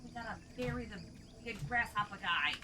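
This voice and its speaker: A woman playing a tabletop game speaks high and bright. Her pitch leaps widely. She laughs often and talks with excited energy. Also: fairly quick, a little hiss or hum. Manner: excitable, laughs a lot, swears. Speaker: player. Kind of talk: casual tabletop play.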